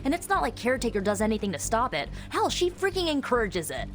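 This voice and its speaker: A woman's voice: a little high, huge pitch swings, fast talker. An actress playing a blunt, sarcastic young woman hero who vents her frustration in a video game. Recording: game audio with music.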